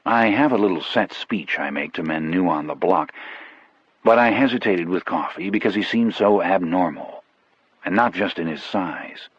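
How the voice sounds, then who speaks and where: A man narrating an audiobook in a measured, grave first-person storytelling style. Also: low-pitched, husky, no echo, dull audio.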